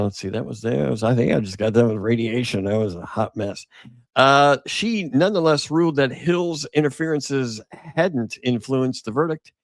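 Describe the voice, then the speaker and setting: A man with a gravelly, creaky voice hosts a podcast, picking through an article out loud and breaking off for sarcastic side comments. The sound is dry and close, with no room around it. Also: mid-range voice, dry recording. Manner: sarcastic, rambling asides. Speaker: podcast host. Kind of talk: casual commentary reading an article aloud.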